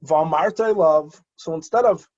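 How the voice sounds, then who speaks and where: A rabbi telling a story in an animated way, pausing often with fillers and restarts, and acting out the voices of the people in it. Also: male voice, on the high side, dull audio. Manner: hesitant with frequent fillers and restarts. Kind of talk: storytelling talk.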